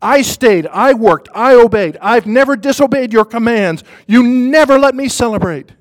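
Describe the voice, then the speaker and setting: A man voicing an angry, resentful young older son in a parable, raising his high voice in complaint. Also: moderate pace, lightly acted, poor audio. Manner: bitter, raised, complaining.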